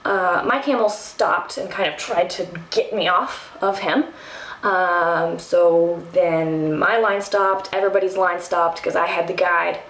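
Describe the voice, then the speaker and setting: A young woman from Texas telling a travel story to the camera, animated and self-mocking, with lots of ums and restarts. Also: on the low side, a little slow. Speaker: vlogger. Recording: roomy, from a distance.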